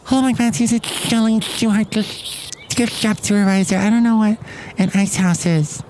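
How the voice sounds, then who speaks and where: A man putting on a prim high-voiced shop lady. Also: fairly even intonation, moderate pace, a little mellow, a little hiss or hum, lightly acted. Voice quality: high, formal, says full names. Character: prim female gift shop supervisor.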